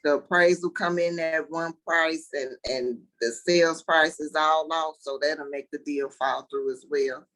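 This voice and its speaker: A woman's voice: deep voice, fairly even intonation, a little slow, hardly any pauses, a bit bright, rough recording. Candid, easy-laughing real estate agent woman. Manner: candid, laughs easily, explains plainly. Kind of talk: casual interview chat.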